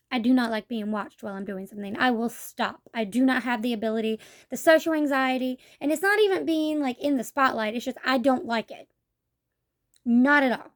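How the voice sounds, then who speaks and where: A young woman telling a story in a casual vlog, blunt and profane, acting out what people said to her. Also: a little high. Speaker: vlogger.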